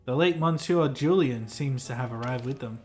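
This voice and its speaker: A man's voice: mid-range voice, moderate pace, a little mellow, lightly acted. A man voicing a pompous, self-important male hotel clerk in a game, reading the lines aloud in a formal, fussy, theatrical manner.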